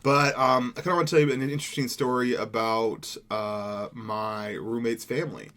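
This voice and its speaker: A man's voice: mid-range voice, fairly even intonation, normal speed, fairly bright tone. A young man from Seattle giving casual gameplay commentary as a gaming YouTuber, rambling and laid-back, swearing now and then. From Seattle, USA.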